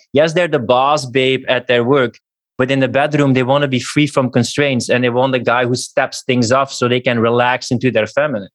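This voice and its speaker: A man's voice: mid-range voice, no room sound, clean studio sound. A man in casual podcast chat, earnest and opinionated, lecturing steadily.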